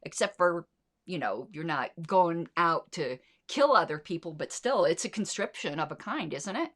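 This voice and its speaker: A middle-aged woman hosts a political commentary livestream, blunt, sarcastic and indignant, swearing plenty and firing off sarcastic rhetorical questions. Her voice is mid-range and a bit bright.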